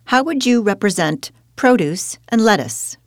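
A woman's voice: mid-range voice, expressive, unhurried, no echo, clean studio sound. A woman leading a scripted teaching dialogue, asking encouraging questions.

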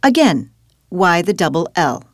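A woman's voice: on the low side, sing-song, unhurried, no echo, studio quality. A woman teaching spelling in a scripted dialogue, guiding her partner patiently with questions. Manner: patient, questioning, guides with prompts. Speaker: language teacher.

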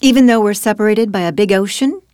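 A woman's voice: medium pitch, quick pace, darkish tone, no room sound, studio quality. A woman teaching spelling in a scripted dialogue, guiding her partner patiently with questions. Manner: patient, questioning, guides with prompts. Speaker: language teacher.

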